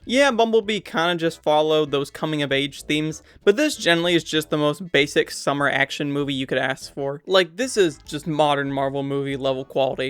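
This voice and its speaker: A young man with a fairly high, smooth, resonant voice talks through a movie review in casual, sarcastic commentary. The sound is dry and close, with faint music playing underneath. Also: fairly bright tone, no room sound. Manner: sarcastic, blunt.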